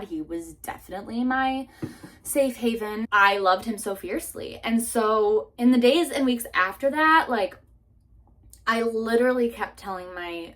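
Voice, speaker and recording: A young woman in her twenties sits down for a long, candid vlog chat at a middle pitch. She talks earnestly and emotionally, tumbling through likes and restarts, with casual swearing and moments where she sounds close to tears. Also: fairly bright tone. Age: 20s. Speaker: vlogger.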